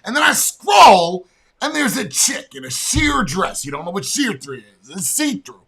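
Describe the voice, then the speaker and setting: A man rants on a casual podcast, blunt and profane. His voice is bright and husky, and his pitch swings widely as he tells the story with animation. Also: sing-song, moderate pace. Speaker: podcast host.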